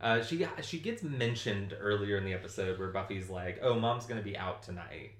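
A man's voice: lowish voice, expressive, normal speed, reverberant. A man casually recapping a TV episode with a co-host, swearing and laughing often. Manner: profane, joking, laughs often. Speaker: podcast co-host.

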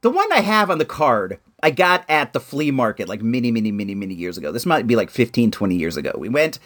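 A chatty man talks to his camera in a loose, easygoing way, his voice leaping high and dropping low as he gets excited. His pitch sits in an ordinary middle range. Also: fast. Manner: laid-back and chatty, full of "like" and "dude"; excitable, voice jumping up and down. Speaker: toy collector reviewing action figures. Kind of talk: casual chat to camera.

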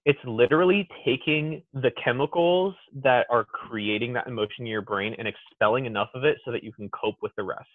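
Man, podcast guest, animated storyteller, phone-like thin sound. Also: medium pitch, a little fast, hardly any pauses, no room sound. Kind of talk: casual chat. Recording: tinny phone-like dry sound.

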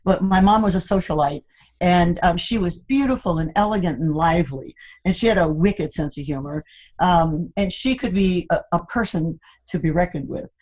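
An older woman with a low voice tells family stories in a chatty, laughing way. The recording sounds dull and a little lo-fi. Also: expressive, moderate pace, a little mellow. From Florida, USA. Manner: chatty storyteller, laughs often. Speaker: guest. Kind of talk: casual interview chat.

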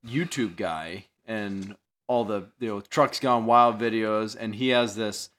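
Low-voiced man chatting. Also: measured pace. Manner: relaxed, explains and chimes in. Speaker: podcast co-host. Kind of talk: casual chat.

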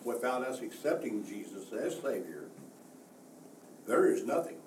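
A man's voice: mid-range voice, sing-song, a little slow, a little mellow, a little hiss or hum. A man in a Bible class chiming in with short agreeing remarks. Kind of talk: casual affirmations in a class. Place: church classroom. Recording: echoey room, voice from far off.

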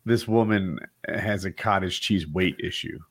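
A man's voice: deep voice, husky, dry recording. A man in a casual streamed chat on a video call, wry and articulate. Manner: wry, articulate, quick to laugh.

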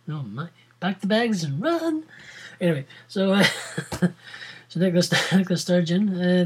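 Podcaster rambling on alone, giggly, really breathy husky voice. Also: medium pitch, darkish tone, rough recording. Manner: rambling, giggly, trails off and restarts. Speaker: podcast host. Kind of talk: casual solo podcast chat.

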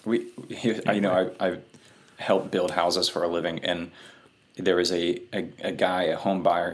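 Low-voiced man talking with hesitations. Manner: hesitant, frequent fillers. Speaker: podcast guest, home builder. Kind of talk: casual conversation.

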